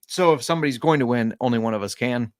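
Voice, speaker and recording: A man co-hosting a podcast, chatting casually about fantasy football and bets, easygoing and quick to laugh. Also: medium pitch, dry recording. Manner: relaxed, chatty, laughs easily. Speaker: podcast co-host. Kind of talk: casual sports betting chat.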